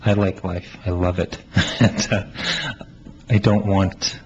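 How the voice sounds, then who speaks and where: A playwright from Canada, a man answering interview questions in a thoughtful, halting way, with frequent laughs. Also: sits low, flat delivery, a little mellow. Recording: slightly muffled with faint hiss.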